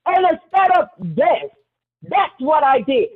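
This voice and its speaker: A woman's voice: sits high, sing-song, takes it slowly, distant mic. Emphatic woman on a tinny phone line. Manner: earnest, emphatic, repeats herself. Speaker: co-host of a call-in show. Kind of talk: heated call-in talk. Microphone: phone call.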